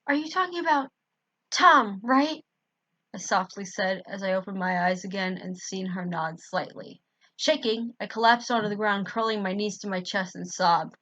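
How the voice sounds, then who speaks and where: Woman reading fan fiction, stops to fix misreadings, bright voice, dry dull lo-fi sound. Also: mid-range voice, fairly even intonation, normal speed, dry recording. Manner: stops to correct her misreadings. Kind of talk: amateur story reading.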